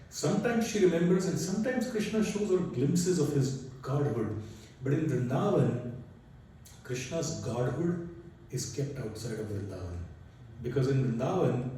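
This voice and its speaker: A man's voice: medium pitch, dark tone, distant mic, a little hiss or hum. Man preaching in an echoey hall. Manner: conversational, with frequent "right?" and "you know". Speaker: speaker at a temple gathering. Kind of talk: storytelling sermon. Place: large temple hall.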